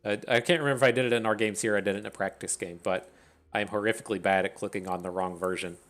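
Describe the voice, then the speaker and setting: Man, lowish voice, casual gameplay commentary, self-deprecating, stammering restarts, faint music behind. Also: steady tone, rapid-fire, a bit bright. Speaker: gaming streamer.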